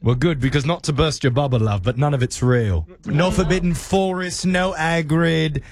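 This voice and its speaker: A radio host doing a deliberately bad British accent, playing a pushy airline customer-care man on a prank call, teasing and chuckling at his own jokes. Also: on the high side, lightly acted. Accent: put-on bad British accent.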